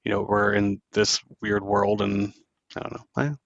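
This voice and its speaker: A man's voice: on the low side, completely flat delivery, moderate pace, vocal fry, a bit bright, no room sound, dull audio. A man hosting a podcast, loosely retelling a film scene by scene with plenty of fillers. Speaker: podcast host. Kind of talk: casual film recap.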